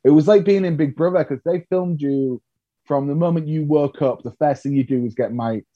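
Comic guy telling stories on himself, mellow low tone, dry close sound. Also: brisk, dry recording, muffled recording. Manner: self-deprecating, animated storytelling. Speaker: comedian guest. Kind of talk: candid podcast interview.

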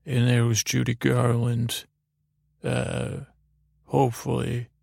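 A man's voice: mid-range voice, monotone, slow pace, creaky, a little mellow, no echo. A man hosting a sleep story, telling a dream in a meandering way with many fillers and restarts, close to the mic. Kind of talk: rambling bedtime storytelling.

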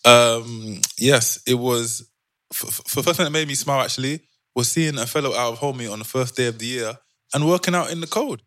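A man's voice: medium pitch, brisk, a bit bright, dry recording. A man co-hosting a casual podcast chat, telling a story and tripping over his words. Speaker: podcast co-host.

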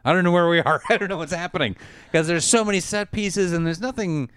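A man's voice: high voice, fast, a bit bright, smooth, dry recording, studio quality. A man co-hosting a casual movie podcast, ranting with exasperation and laughing often as he talks. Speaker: podcast co-host. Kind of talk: casual movie review chat.

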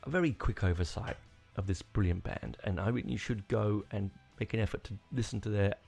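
A man's voice: on the low side, brisk, vocal fry, a little mellow, faint music behind. A man hosting a podcast on his own, rambling enthusiastically with many restarts. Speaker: podcast host. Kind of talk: casual solo rambling.

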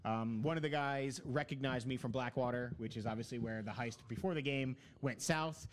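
A man's voice: medium pitch, moderate pace, a little hiss or hum. A man in casual chat, telling long rambling stories about a video game with many fillers.

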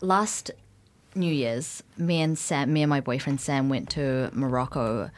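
Low-voiced woman, matter-of-fact. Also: unhurried. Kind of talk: casual chat.

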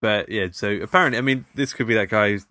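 A man's voice: fairly low pitch, quick pace, sharp tone, no echo. A man co-hosting a casual film podcast, reading out trivia questions and teasing his co-host. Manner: quizzing with playful banter.

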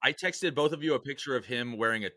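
Bright-toned man co-host, dry sound. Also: medium pitch, quick pace, dry recording. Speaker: podcast co-host. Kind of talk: casual chat.

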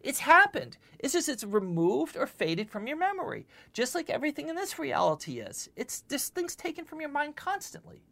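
A spiritual teacher, a woman with a high-pitched, creaky voice, gives a lecture and takes questions at a moderate pace with few pauses. She is animated, repeats words a lot, and keeps checking in with "okay?"

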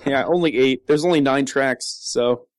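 A man co-hosting a casual podcast chat, deadpan and teasing. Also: medium pitch, normal speed, no echo, clean studio sound. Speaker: podcast co-host.

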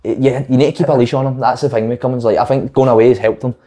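A man's voice: mid-range voice, steady tone, very fast, dark tone. A young Scottish man, a footballer guest in a casual chat, telling stories full of swearing and acted-out quotes.

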